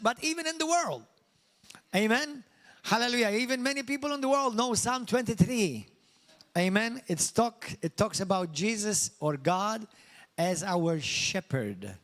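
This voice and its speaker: A fervent middle-aged male pastor from Malta, preaching and praying with a voice pitched above most men's. He repeats praise words and leads his congregation in call-and-response. His delivery is earnest and sermon-like. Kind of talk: sermon with prayer.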